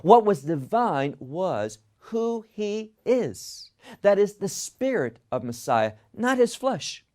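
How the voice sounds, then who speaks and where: Male Bible teacher, slow deliberate delivery, lively rising and falling pitch, rhetorical questions. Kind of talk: verse-by-verse Bible study lesson.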